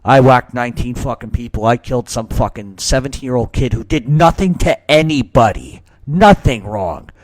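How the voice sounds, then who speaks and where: A man's voice: mid-range voice, lively intonation, normal speed, few pauses, no room sound. A man hosting a question-and-answer talk show, talking casually and ranting heatedly with lots of swearing. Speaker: mob talk show host.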